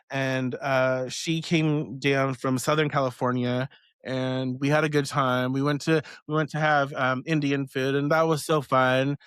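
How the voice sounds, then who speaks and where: A man's voice: mid-range voice, fairly bright tone, clean tone, dry recording, clean studio sound. A man hosting a witchcraft live stream in a rambling, casual way, swearing freely and laughing often. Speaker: witchcraft podcast host.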